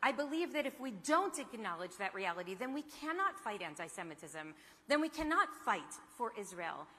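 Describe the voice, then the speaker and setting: A woman's voice: on the high side, very animated, fairly quick, sharp tone. A middle-aged woman giving an earnest, impassioned speech, full of rhetorical questions. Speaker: panel speaker. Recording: hall reverb.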